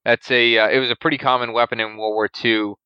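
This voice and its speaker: A man's voice: medium pitch, flat delivery, quick pace, clean tone, no room sound, lo-fi sound. A man co-hosting a podcast, enthusiastically talking through film scenes and explaining military weapons and terms. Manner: explanatory, gun-knowledgeable, enthusiastic. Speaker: podcast co-host. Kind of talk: casual movie discussion.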